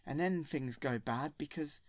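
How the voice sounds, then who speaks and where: A man's voice: a little high, a little slow, no room sound. A man rambling enthusiastically through a film retold from memory, correcting himself as he goes. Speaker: storyteller.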